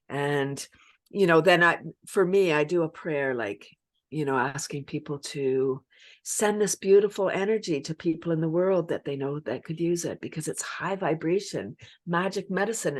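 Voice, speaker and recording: A middle-aged woman who leads laughter yoga, talking animatedly in a casual interview and laughing often. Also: low voice. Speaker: laughter yoga leader and guest.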